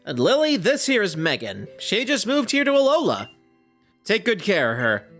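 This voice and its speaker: A man voicing an excitable, cheery male professor, with loud, bouncy announcing. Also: high-pitched, moderate pace, faint music behind, pitched above the performer's own voice, heavily acted. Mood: excited.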